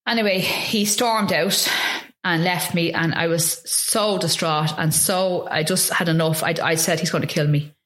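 A low-pitched woman from Ireland telling her story as an interview guest. She speaks earnestly and haltingly, restarting phrases and acting out past conversations as she goes. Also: fairly even intonation, fairly bright tone, echoey room. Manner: earnest and halting, with frequent restarts and re-enacted dialogue. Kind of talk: recounting a personal ordeal in an interview.

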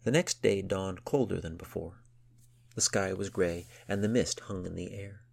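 Man reading a story aloud, really low and gravelly, kinda husky, even and steady. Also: moderate pace. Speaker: narrator. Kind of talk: scripted audiobook narration.

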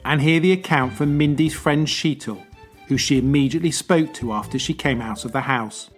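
A man hosting a true crime podcast, reading scripted narration in a measured way. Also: medium pitch, faint music behind. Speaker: podcast host.

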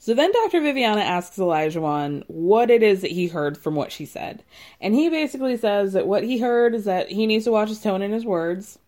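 A woman's voice: medium pitch, big pitch swings, brisk, darkish tone. Sarcastic woman recapping a show. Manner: sarcastic, mocking and blunt, with filler "like". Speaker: podcast host recapping a reality show. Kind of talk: casual recap commentary. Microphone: close podcast mic.

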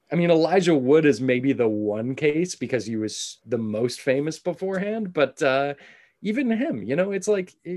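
Animated man in casual podcast chat. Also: medium pitch. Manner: animated, swearing, quick asides. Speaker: podcast co-host.

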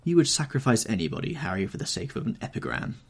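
A man voicing a nervous, brooding young gentleman, anxious and pleading, in an audiobook reading. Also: fairly low pitch, very animated, fast talker, creaky, slightly rough, voice pushed up, exaggerated voice. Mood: restless.

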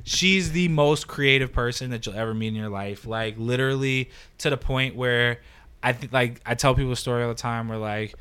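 A man from Brooklyn, a podcast guest, telling stories in a casual, animated way, filling his speech with "like". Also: medium pitch, moderate pace, clean tone. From Brooklyn, New York. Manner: animated, heavy use of "like". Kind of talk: casual storytelling.

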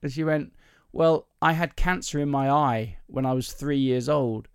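A man's voice: medium pitch, unhurried, smooth, no room sound, studio quality. A male comedian hosting a podcast, telling chatty, self-mocking anecdotes in a casual voice with plenty of ums and restarts. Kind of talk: casual storytelling chat.

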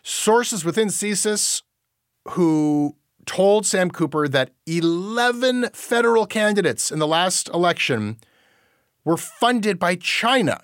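A man hosting a news commentary show, animated and incredulous, swearing casually. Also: high-pitched, dry recording, clean studio sound. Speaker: podcast host. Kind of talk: opinionated news commentary chat.

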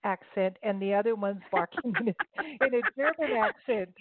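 A woman's voice: medium pitch, expressive, normal speed. A woman co-hosting a casual chat, playful and enthusiastic. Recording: phone-like remote call audio.

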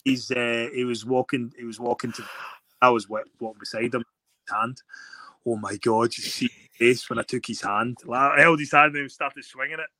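Scottish male guest, rambling anecdotes, bright tone, dry sound. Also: mid-range voice, steady tone, normal speed, no echo. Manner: rambling storyteller with many restarts. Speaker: guest rugby player. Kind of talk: casual interview chat.

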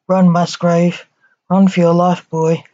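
A woman's voice: medium pitch, moderate pace, mellow, dry recording, natural voice. A jittery older male professor, a vampire hunter from a spooky storybook, as a woman reads him in her own plain voice. The sound is lo-fi and dull, dry and close to the mic. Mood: panicked.

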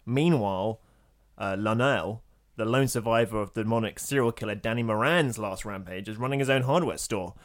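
A man co-hosting a film podcast, telling stories in an animated way and laughing often. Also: fairly low pitch, normal speed. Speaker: podcast co-host. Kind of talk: casual chat.

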